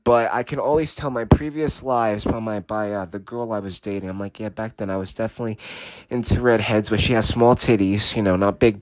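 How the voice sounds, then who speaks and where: A man's voice: lowish voice, fairly quick, no echo. A man hosting a podcast in a rambling late-night monologue, giggly, profane and scattered, often breaking off mid-thought. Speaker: podcast host.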